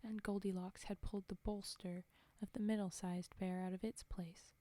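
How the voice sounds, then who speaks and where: A woman whispering a fairy tale slowly and softly as a storyteller, in a whispered role-play reading. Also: on the low side, flat delivery, no room sound. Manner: soft, slow, whispered reading. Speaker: storyteller and streamer.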